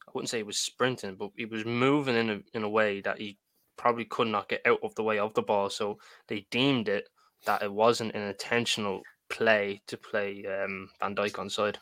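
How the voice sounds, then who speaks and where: Lowish guy on a podcast panel, steady explaining, dry mic. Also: normal speed, dry recording. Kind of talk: casual podcast chat.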